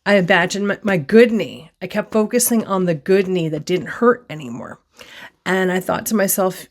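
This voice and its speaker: A woman telling a personal story on her vlog from her desk, expressive and acting out her own reactions. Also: medium pitch, moderate pace. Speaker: vlogger.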